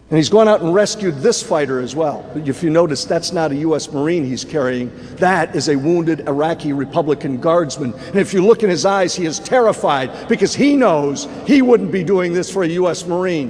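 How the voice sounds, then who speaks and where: A man's voice: a little high, a little mellow, slight background noise. A man in his sixties giving a dramatic speech at a banquet, telling vivid war stories. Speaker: keynote speaker. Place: large banquet hall. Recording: echoey hall, faint room ambience.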